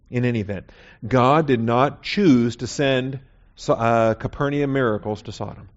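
A man's voice: medium pitch, normal speed, dull audio. A man teaching a Bible class in a conversational sermon style, often checking in with "okay?". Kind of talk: sermon lecture.

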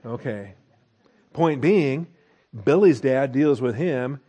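A man's voice: medium pitch, expressive, slow pace, warm tone, highs cut off. A middle-aged man teaching through a Bible book verse by verse, talking in a conversational way and often checking in with "okay?".

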